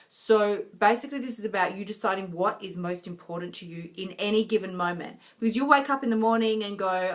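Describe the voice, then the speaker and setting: A woman's voice: mid-range voice, quick pace, hardly any pauses. A woman, a health coach chatting casually with viewers on a live stream, laughing often and giving encouraging advice.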